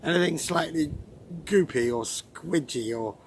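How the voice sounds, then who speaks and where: A man's voice: on the high side, measured pace, a little hiss or hum. A man chatting casually in a rambling, self-deprecating monologue recorded outdoors in the countryside. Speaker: vlogger host.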